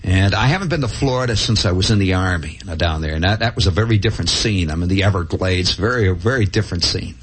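A man's voice: low voice, lively intonation, fast, hardly any pauses, husky. A man telling a long, rambling first-person story in a wry, conversational way, with many restarts and asides.

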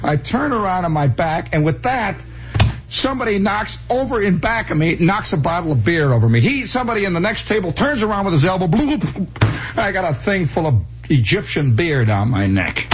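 A man telling a long comic story in an animated, breathless way, slipping into the voices of the people in it, from an old archival radio recording. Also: high voice, brisk, background noise.

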